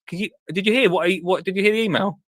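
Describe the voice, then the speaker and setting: A young man hosting a live show, excitable and breathless, tripping over his words. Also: high-pitched, rapid-fire, dry recording. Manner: excitable, breathless, full of restarts. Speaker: host. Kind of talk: excited live-stream chat.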